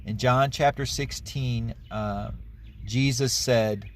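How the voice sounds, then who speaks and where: A man's voice: mid-range voice, moderate pace. A man in his forties, a pastor, giving a devotional talk that starts from a story about his daughter, reflective and plain-spoken.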